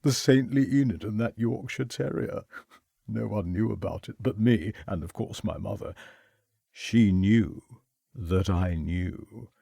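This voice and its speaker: A tipsy young toff slurs and rambles cheerfully in a lively, bouncing voice, as a male narrator puts him on. He talks a little higher and louder than the narrator's own voice, in a dry, close audiobook recording. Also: moderate pace, no room sound, natural voice. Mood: confiding. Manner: slurring, chatty, self-pitying. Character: tipsy, rambling young upper-class man.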